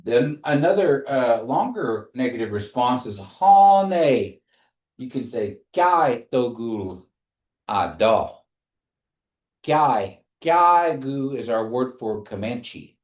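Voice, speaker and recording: A man teaching a language class, speaking slowly and patiently and repeating phrases for his students to say back. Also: medium pitch, sing-song, darkish tone, roomy sound.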